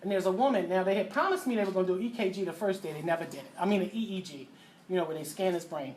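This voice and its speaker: A middle-aged woman, telling a personal story as a mother. She talks in a lively way, acting out voices and sound effects with loud bursts. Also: fairly low pitch, racing, a little hiss or hum. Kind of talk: animated storytelling to an audience.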